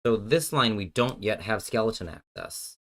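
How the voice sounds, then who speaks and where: A man's voice: on the low side, animated, normal speed. A man hosting a casual live stream, working out card game plays while joking with his chat and thinking aloud, often breaking off mid-sentence. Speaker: streamer and host.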